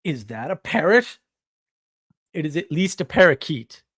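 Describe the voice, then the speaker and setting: A man's voice: a little high, sing-song, measured pace, a bit bright, breathy edge, dry recording, studio quality. A man hosting a casual livestream, reading viewer comments aloud and answering them in a wry, argumentative way, laughing often. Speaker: livestream host.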